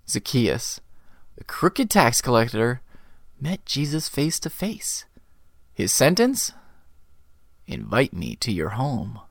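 A man's voice: mid-range voice, no room sound, clean studio sound. A man reading a devotional sermon, telling the scripture stories earnestly. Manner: earnest storytelling, quoting scripture.

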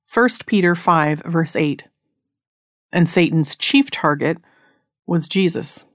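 A woman giving an earnest, measured devotional narration that reads out Bible passages. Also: lowish voice, no room sound, clean studio sound. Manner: measured, earnest reading of scripture. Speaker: Bible teacher.

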